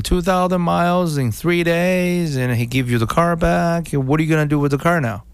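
A man's voice: medium pitch, clean tone, dry recording. A man, a car dealer, talking casually to viewers, rambling with restarts and acting out what people say. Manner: rambling, repeats and restarts, acts out quotes.

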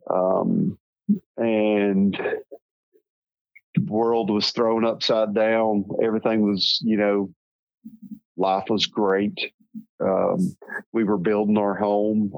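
Slow, halting Southern man. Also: on the low side, no room sound, muffled recording. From Tennessee. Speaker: interview guest. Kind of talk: personal storytelling.

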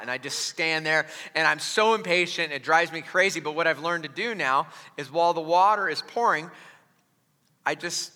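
A male pastor preaches a sermon in a high, very bright, clean voice, chatty and self-mocking with joking asides and plenty of restarts. The sound rings with the long reverb of a large church hall.

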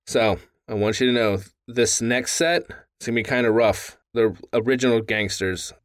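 A man's voice: mid-range voice, normal speed, no echo, clean studio sound. A man co-hosting a podcast, running the segment with brash, crude banter and frequent swearing. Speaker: podcast co-host.

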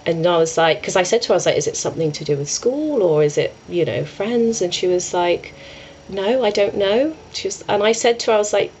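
A woman's voice: medium pitch, brisk, a little mellow, a little hiss or hum, low-quality recording. A young adult woman, a yoga and meditation teacher, talking earnestly and rambling with many restarts as she tells a story. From England. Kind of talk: conversational storytelling.

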